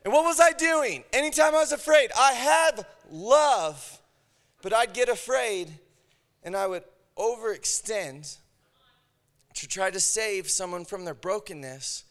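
A man preaching a sermon, telling a personal story with animated swings from shouts to hushed lines. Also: high voice, takes it slowly.

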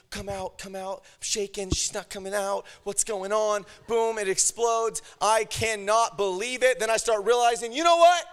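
A man preaching a sermon, telling a personal story with animated swings from shouts to hushed lines. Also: high voice.

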